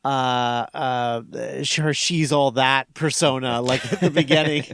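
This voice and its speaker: A man's voice: mid-range voice, steady tone, a little slow, a bit bright, a little hiss or hum. A man speaking as a guest on a podcast in casual chat, hesitant and full of restarts. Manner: hesitant, many restarts and fillers.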